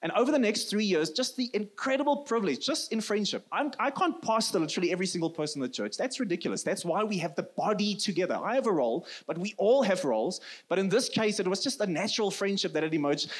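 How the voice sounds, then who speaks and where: A South African man in his thirties, a native Afrikaans speaker, preaching a sermon in an earnest way and often dropping to a soft, low voice for emphasis. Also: animated, fast, few pauses, breathy edge. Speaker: pastor.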